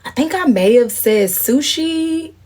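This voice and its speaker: A woman in her thirties chatting casually on a livestream, telling stories animatedly, leaping to high indignant exclamations and dropping to low murmured asides. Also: animated, unhurried, mellow, a little hiss or hum. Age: 30s. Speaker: livestream host. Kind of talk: casual live-stream chat.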